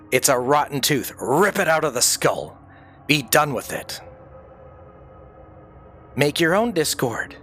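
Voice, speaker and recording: Older man ranting intensely on stream. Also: fairly high pitch. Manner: intense, emphatic, repeats for emphasis. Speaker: livestreamer. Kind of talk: ranting monologue on a livestream. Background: faint dark ambient music.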